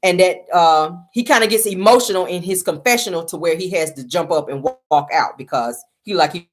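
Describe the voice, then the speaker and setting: A woman's voice: fairly low pitch, fairly quick. A woman hosting a casual reality-show recap, talking to viewers as y'all and retelling what was said. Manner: chatty, addresses viewers as y'all, retells quotes.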